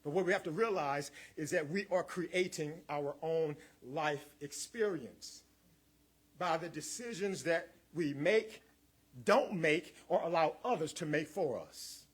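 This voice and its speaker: Male guest minister, high husky voice, rousing sermon delivery with repetition and call-and-response. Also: unhurried. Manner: repeats words, builds in waves, calls on the congregation; chuckles between points.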